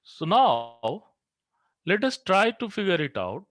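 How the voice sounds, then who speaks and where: A man's voice: sits high, big pitch swings, slow, fairly bright tone. A man teaching physics in a classroom. He works through equations step by step and asks the class questions that he then answers himself. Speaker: physics lecturer. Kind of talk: classroom lecture.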